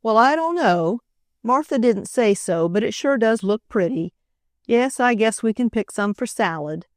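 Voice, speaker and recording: A woman's voice: a little high, lively intonation, unhurried, no room sound, studio quality, voice pushed up. A woman voicing a kind-hearted older housemaid with folksy, homely turns of speech. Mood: musing.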